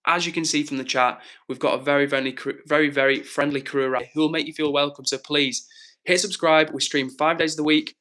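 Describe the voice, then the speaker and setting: A chatty man hosts a live stream, his voice bright and forward. He sits a little above the usual pitch for a man and keeps things upbeat while answering his viewers. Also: steady tone, quick pace. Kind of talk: casual live-stream chat.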